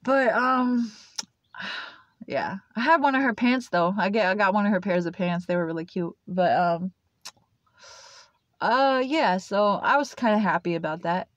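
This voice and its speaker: A woman's voice: mid-range voice, measured pace, long pauses, dry recording. A young woman telling her own story to camera in a loose, rambling way, full of "like" and "uh". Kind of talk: casual personal storytelling to camera. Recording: dull lo-fi, dry sound.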